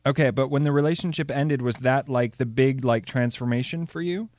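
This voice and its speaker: An upbeat man hosts a call-in radio show, chatting freely and laughing easily as he gives readings. His voice sits at a middle pitch. The studio mic sounds close and dry, with no room sound. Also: a little fast, a little mellow, dry recording, dull audio. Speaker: radio show host and psychic reader. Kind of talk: casual call-in radio talk.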